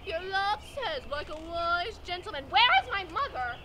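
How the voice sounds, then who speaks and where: A woman's voice: very high-pitched, expressive, moderate pace. Impatient young lover girl, acted by a woman, pleading, open-air stage, distant mic. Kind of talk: outdoor amateur Shakespeare performance. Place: outdoor park stage. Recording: loud outdoor noise, distant mic.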